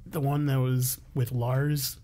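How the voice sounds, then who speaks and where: A player in a tabletop game, playful, asking quick questions. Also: medium pitch, flat delivery, a crowd in the background. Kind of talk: casual tabletop play.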